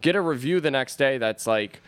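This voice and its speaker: A man's voice: mid-range voice, animated, normal speed, fairly bright tone, clear, resonant tone, no echo. A man who waits tables tells a story of a customer complaint. He rants bluntly and swears heavily, in plain conversational delivery. The sound is dry and close. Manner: blunt, profane ranting. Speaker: waiter. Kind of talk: casual chat.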